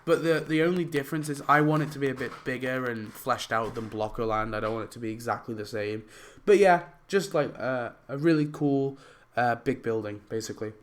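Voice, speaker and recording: A young man with a hoarse, worn voice, casually rambling through game ideas with lots of fillers as a YouTube host. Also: mid-range voice, fairly even intonation, a little fast. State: losing his voice. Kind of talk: casual commentary over gameplay.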